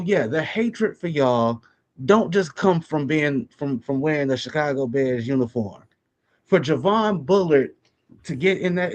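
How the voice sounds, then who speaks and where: A man co-hosting a sports podcast, ranting with profanity and repeating himself for emphasis. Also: a little high. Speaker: podcast co-host. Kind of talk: heated sports talk.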